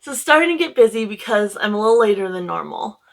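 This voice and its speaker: A woman's voice: mid-range voice, big pitch swings, fast talker, vocal fry. A young woman casually telling a long, emotional story to her camera at home, rambling with many fillers. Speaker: book vlogger.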